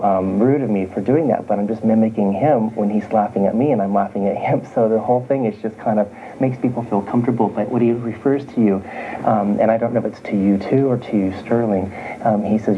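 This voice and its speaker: Male medium, low voice, conversational reading to sitters that keeps restating points, dull lo-fi recording with faint hiss. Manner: chatty, circling back and restating points. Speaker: psychic medium.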